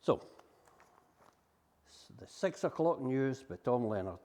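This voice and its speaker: A man's voice: mid-range voice, expressive, a little slow, long pauses, a little mellow. A Scottish man giving a public history talk to an audience in a hall, chatty and digressive while reading from his script. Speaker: local history speaker. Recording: long hall reverb.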